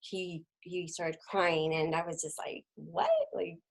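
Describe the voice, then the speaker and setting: A middle-aged woman telling her own story as an interview guest, halting, with many fillers and restarts, dropping very quiet at hard moments. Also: low voice, flat delivery, rough recording. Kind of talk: personal testimony in an interview.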